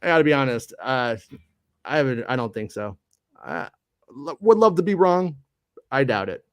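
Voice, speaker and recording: A man's voice: mid-range voice, sing-song, moderate pace, a bit bright, clear, resonant tone, dry recording. A man hosts a loose, chatty live show, working through viewer comments in a rambling way. He stammers and restarts often and pokes fun at himself. His voice sits mid-range and sounds dry and close to the mic. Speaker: live show host reading chat comments. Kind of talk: casual live-stream chat.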